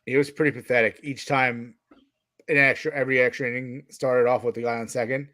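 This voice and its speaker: A man's voice: medium pitch, level tone, a little fast, sharp tone, no room sound, studio quality. A man co-hosting a casual sports podcast, joking and laughing often as he talks. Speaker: podcast co-host.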